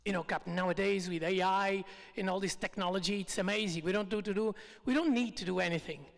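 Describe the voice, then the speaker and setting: Speaker putting on a relaxed male co-pilot, low and matter-of-fact, hall reverb. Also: quick pace, creaky, close to an everyday voice. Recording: long reverb from a live hall.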